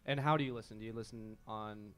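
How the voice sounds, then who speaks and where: A man's voice: fairly low pitch, fairly even intonation, faint music behind. A young man hosting a college radio show, asking casual, easygoing questions of his guest. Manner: easygoing, quick follow-up questions. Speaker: student radio host.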